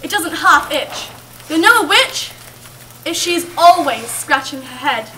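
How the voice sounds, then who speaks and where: On a camp stage before an audience hall, a woman in an amateur play voices a doting old grandmother telling scary witch tales. Her delivery is slow and dramatic with emphatic, stretched words, the voice high, animated, pushed, bright and exaggerated; the mood is ominous. A far camera in the audience recorded it, with faint hiss.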